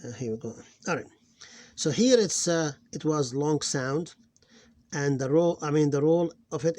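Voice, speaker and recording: A man with a mid-range voice teaches phonics, explaining each step and loudly sounding out syllables. There's no room sound in the recording.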